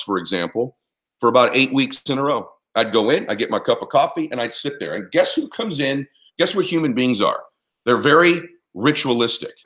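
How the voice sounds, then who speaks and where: A man's voice: mid-range voice, a bit bright. A man giving punchy, emphatic advice as an interview guest, often checking that his listeners follow. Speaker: interview guest, performance coach. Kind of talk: motivational interview answer.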